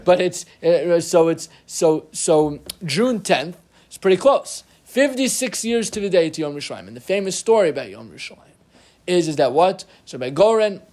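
Animated high-voiced man teaching Torah. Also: normal speed. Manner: animated, self-interrupting, humorous asides. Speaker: rabbi teaching a Torah class. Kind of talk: informal Torah class.

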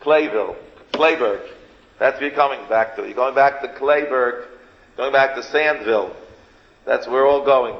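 Male rabbi giving an emphatic, repetitive story sermon. Gravelly voice, recorded in an echoing hall. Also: medium pitch. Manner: repetitive, emphatic, sprinkled with Yiddish and Hebrew terms. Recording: echoey hall, dull lo-fi sound.

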